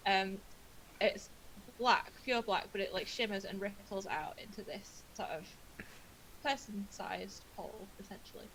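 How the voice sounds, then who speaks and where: A woman's voice: mid-range voice, steady tone, measured pace, a bit bright, slight background noise, low-quality recording. A woman running a tabletop game as game master, narrating with frequent laughter and rambling asides. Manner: giggly, rambling.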